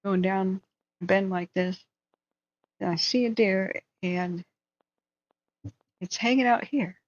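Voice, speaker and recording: A woman's voice: medium pitch, takes it slowly. A woman hosting a live stream, chatting casually and thinking aloud as she tells a story. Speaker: livestream host. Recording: dull, dry lo-fi sound.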